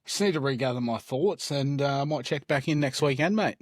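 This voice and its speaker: A man's voice: mid-range voice, fairly quick, no echo. A man co-hosting a sports podcast, trading dry, mock-offended banter. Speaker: podcast co-host. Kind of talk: casual sports podcast chat.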